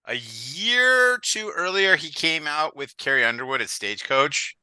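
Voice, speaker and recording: A man hosting a podcast interview, relaxed and asking guiding questions. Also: a little high, moderate pace, smooth, no room sound. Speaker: podcast host. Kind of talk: casual interview chat.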